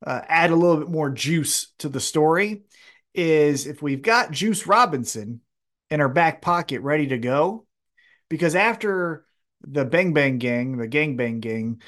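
A man's voice: fairly high pitch, animated, unhurried, a bit bright. A man co-hosting a casual wrestling podcast, talking animatedly with plenty of swearing and acting out quotes in raised voices. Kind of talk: casual chat.

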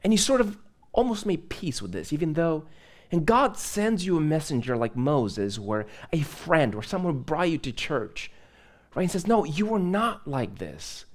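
Guy from moldova preaching in church, kinda high voice, bounces around a lot, chatty with jokes. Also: very animated, normal speed. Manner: chatty, conversational preaching with laughs and asides. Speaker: pastor. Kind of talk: live sermon.

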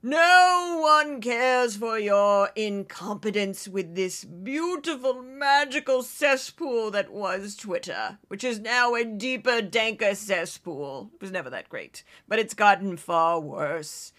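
A woman putting on a brash mock accent to scold a tech mogul, talking slowly and loudly. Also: medium pitch, expressive. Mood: scornful scolding. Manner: slow, loud, drawn-out put-on accent.

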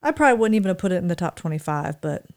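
A woman's voice: lowish voice, sing-song, racing, darkish tone. A middle-aged woman co-hosting a casual chat show, chatty and jokey. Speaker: podcast co-host.

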